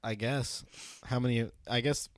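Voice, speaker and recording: A young man trades crude, playful podcast banter, swearing freely and laughing often. His voice is mid-pitched and recorded close and dry. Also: steady tone, a little slow, no echo. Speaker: podcast co-host.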